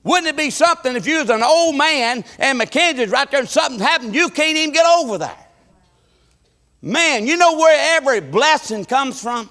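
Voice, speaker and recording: A man, preaching a sermon in church, swinging between shouted appeals and low, folksy asides. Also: lively intonation, normal speed. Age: 50s. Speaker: pastor.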